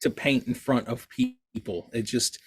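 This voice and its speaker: A man talks casually as a podcast guest, his voice sitting at an ordinary middle pitch. He rambles through restarts and laughs at his own expense. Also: wildly swooping pitch, a little slow. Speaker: guest artist.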